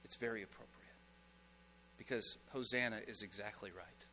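A man preaching a sermon as a pastor, emphatic, asking rhetorical questions and dropping to a hush on key lines. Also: fairly low pitch, normal speed, long reverb tail, a little hiss or hum. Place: church sanctuary.

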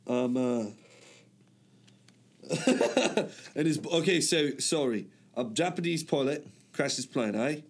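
A man's voice: on the high side, expressive, slow, slightly rough. A young man in casual chat, swearing freely and sprinkling his talk with "mate" in a put-on English way. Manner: swears a lot, keeps saying "mate" in a put-on English accent. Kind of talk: casual chat trading wild facts.

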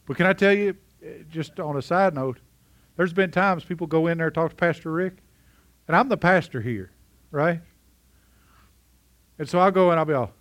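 A man's voice: a little high, fairly quick. A middle-aged man preaching a sermon in a conversational way, often asking his congregation questions. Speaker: pastor.

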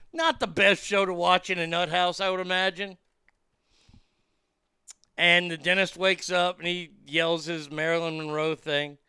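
A man telling a profane, animated story in casual chat, with lots of fillers and restarts. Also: high-pitched, creaky, clear, resonant tone, dry recording, clean studio sound. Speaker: comedian and podcast guest.

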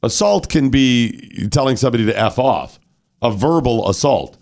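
A man's voice: mid-range voice, animated, normal speed, gravelly, a little mellow. Blunt male talk radio host. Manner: blunt, wry, runs the segment. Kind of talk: casual talk radio banter.

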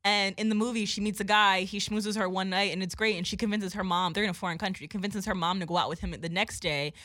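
A woman telling a story in a casual podcast chat, animated and swearing, acting out what people said. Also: mid-range voice, quick pace, no echo.

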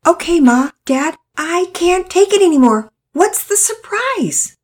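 A woman voicing an excitable, impatient boy who talks in slang. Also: mid-range voice, moderate pace, pitched above the performer's own voice. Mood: eager.

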